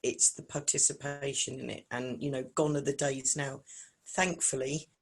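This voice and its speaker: A woman's voice: very deep voice, moderate pace, husky. A woman in her forties, a singer and vocal coach, chatting as an interview guest and acting out the voices in her stories. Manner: animated storyteller acting out quotes. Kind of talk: casual interview chat.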